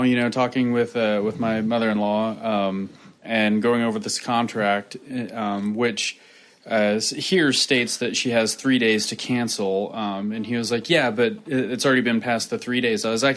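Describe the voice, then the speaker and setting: Young male co-host, mid pitch, halting casual storyteller. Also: steady tone, fairly bright tone. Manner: halting, filler-heavy storytelling. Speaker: podcast co-host. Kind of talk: casual chat.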